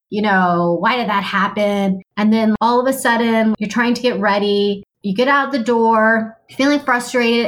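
A woman hosting a casual solo talk, chatty and animated, acting out little quoted reactions as she explains. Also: fairly high pitch. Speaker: podcast host.

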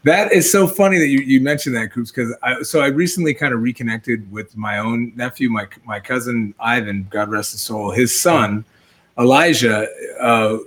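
A man's voice: mid-range voice, moderate pace, fairly bright tone. A man, a father, talking casually in a loose, rambling way full of fillers. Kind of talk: casual chat.

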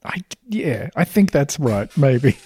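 A man's voice: mid-range voice, sing-song, slow, darkish tone, husky. A man co-hosting a casual comedic podcast, telling the story dryly and sardonically. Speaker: podcast co-host.

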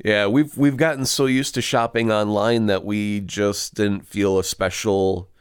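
Podcast co-host, male, low smooth voice, dry close mic, loose rambling review. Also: a little slow, dry recording. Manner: rambling, animated movie review with restarts. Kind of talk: casual chat.

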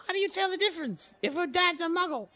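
A man voicing a nervous young schoolgirl witch who asks halting, hesitant questions. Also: very high voice, animated, sharp tone, voice pushed up, exaggerated voice. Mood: puzzled.

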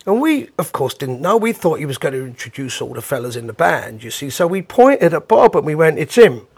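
A man, a bandleader, casually telling a rambling, animated anecdote with the odd chuckle. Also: on the high side, a little fast, creaky, breathy edge.

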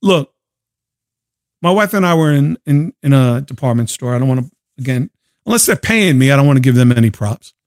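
A hoarse man hosting a casual livestream chat, telling stories in an animated, slangy way. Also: mid-range voice, a little fast. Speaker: show host.

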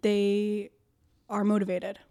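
A woman's voice: mid-range voice, monotone, takes it slowly, warm tone, clean tone. A woman comedian, chatting casually as a podcast guest and laughing often.

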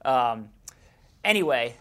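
A man's voice: mid-range voice, animated, takes it slowly, sharp tone. A man co-hosting a casual sports podcast, chatty, laughing often and stumbling over his words. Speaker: podcast co-host.

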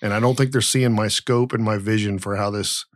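A man's voice: lowish voice, fairly even intonation, fairly quick, no echo, clean studio sound. A middle-aged man hosting a podcast, telling a long story in a rambling, blunt and profane way. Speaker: podcast host. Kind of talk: casual podcast chat.

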